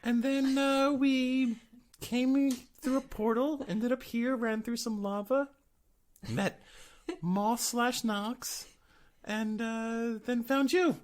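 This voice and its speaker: A woman's voice: a little high, steady tone, slow, darkish tone. A woman casually recapping events in a tabletop role-play, laughing as she talks. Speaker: player.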